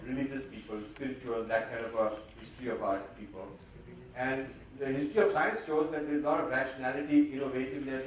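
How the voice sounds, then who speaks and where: A man giving an animated public talk, mixing in Hindi phrases, recorded from a distance in a lecture hall. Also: fairly high pitch. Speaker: speaker. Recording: distant mic, very echoey hall, faint noise.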